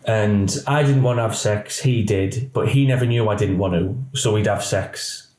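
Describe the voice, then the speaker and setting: In a podcast interview, a middle-aged police officer with a fairly low voice describes events openly at a moderate pace. His lively storytelling includes acted-out impressions of quoted speakers, captured in an echoey room.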